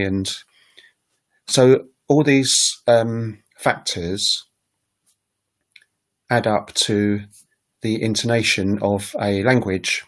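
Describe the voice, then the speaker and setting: A man's voice: mid-range voice, steady tone, slow, pauses often. A man hosting a casual language-learning livestream. He thinks aloud with frequent ums and makes self-deprecating asides. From United Kingdom. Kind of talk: casual solo livestream talk.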